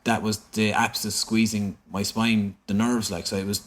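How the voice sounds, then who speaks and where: A man in his thirties with a Cork Irish accent, telling a personal story openly as a podcast guest, halting and full of fillers. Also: lowish voice, little pitch movement. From Ireland. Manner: open, halting, repeats himself with many fillers. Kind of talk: candid storytelling. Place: indoor room in San Francisco.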